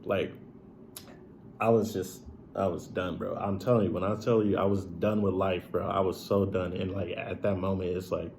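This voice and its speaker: A man's voice: deep voice, little pitch movement, moderate pace, vocal fry, darkish tone, a little hiss or hum. A man retelling a painful personal story in a casual, emotional, profane way, full of "like" and "bro". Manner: emotional, profane, filler-heavy, says "bro" often.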